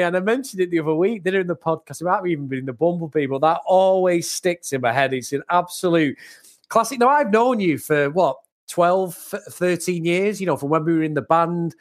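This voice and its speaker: A man's voice: fairly high pitch, expressive, a little fast. A man from England co-hosting a comics podcast, talking casually and with enthusiasm, often laughing and repeating words. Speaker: podcast co-host. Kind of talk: casual chat.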